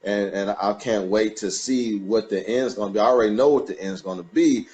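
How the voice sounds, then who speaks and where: A man's voice: fairly low pitch, brisk, darkish tone. A man as a guest on a live stream, giving emphatic and encouraging motivational talk. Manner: emphatic, encouraging, builds to a passionate peak.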